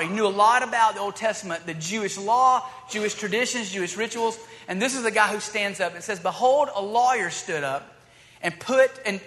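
Male preacher, high and bright, loose and chatty, acting out the scripture, echoing in a large hall. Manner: conversational, acts out dialogue in scripture. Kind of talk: sermon. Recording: long hall reverb.

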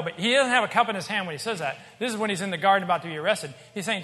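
High, bright-voiced preaching man. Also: fast. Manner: conversational, emphatic preaching with asides and humor. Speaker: pastor. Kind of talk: sermon. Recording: long hall reverb.

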